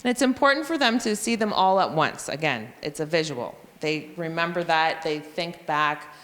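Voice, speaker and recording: A woman teacher walks fellow educators through a phonics method, spelling letters and sounding them out slowly. Her explanatory talk has a long reverb, as if spoken in a large hall. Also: sits low, expressive, fairly bright tone. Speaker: reading intervention teacher. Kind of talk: professional development presentation. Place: school room or hall.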